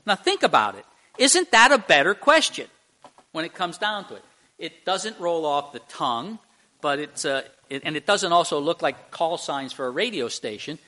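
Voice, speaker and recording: A male pastor preaching a conversational sermon in church, halting with fillers and restarts and speaking directly to the children. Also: on the high side, sing-song, pushed and bright. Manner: addresses children in the congregation directly.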